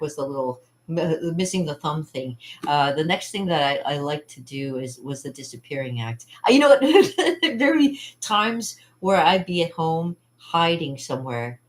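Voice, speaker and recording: A woman hosting her own channel chats casually and rambles from one thought to the next. She laughs often and acts out what other people said. Her voice sits a little low. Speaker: channel host. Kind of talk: casual vlog chat.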